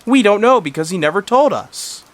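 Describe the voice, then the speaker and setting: A man's voice: high-pitched, lively intonation, normal speed, voice pushed up. A man voicing a worried father asparagus from a kids' cartoon, asking anxious questions.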